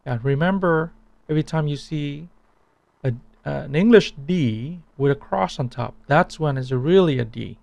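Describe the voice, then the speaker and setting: A man teaching a language pronunciation lesson, repeating each sound slowly so it can be compared. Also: a little high, creaky, darkish tone, no echo.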